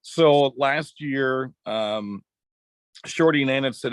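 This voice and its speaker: A middle-aged man from Wisconsin recounts events in a casual, chatty way and acts out bits of dialogue. His voice sits at an ordinary pitch. The recording is dry, with no room sound. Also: slow pace, smooth, no echo. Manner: chatty, animated anecdotes with quoted dialogue. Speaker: podcast guest, former racetrack announcer. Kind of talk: casual storytelling.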